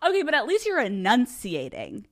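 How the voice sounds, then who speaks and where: A woman's voice: on the high side, wildly swooping pitch, moderate pace. A young woman from the Philadelphia area hosting a podcast, chatty and swearing freely. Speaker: podcast host. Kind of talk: casual chat.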